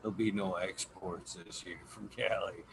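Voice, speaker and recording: A man's voice: deep voice, steady tone, normal speed. A man hosting a casual stream, easygoing, asking his guest questions and swearing now and then. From Michigan. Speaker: podcast host. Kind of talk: casual livestream chat. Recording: clear background noise.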